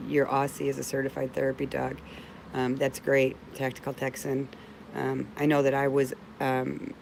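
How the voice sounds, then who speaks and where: A middle-aged woman with a gravelly bass voice talks casually on her livestream, responding to viewer comments in a warm, heartfelt way and calling them babe. The audio is poor, with a little hiss or hum.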